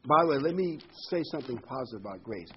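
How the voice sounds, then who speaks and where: A man's voice: mid-range voice, animated, fast talker, highs cut off, a little hiss or hum. A man preaching a folksy, rambling sermon full of homely examples and corny jokes.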